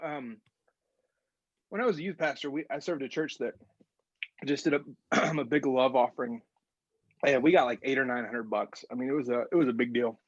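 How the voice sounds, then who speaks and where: A man co-hosting a casual podcast chat, halting and laughing, his throat burning and rough from eating a very hot chip. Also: medium pitch, no echo. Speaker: podcast co-host, pastor. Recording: dull, dry lo-fi sound.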